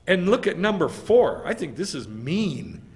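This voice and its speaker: A man preaching a sermon, his voice swinging widely in pitch as he presses each point. He speaks slowly and deliberately, firing rhetorical questions at the congregation, with a slightly higher voice than most men. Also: very animated, darkish tone. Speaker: rabbi.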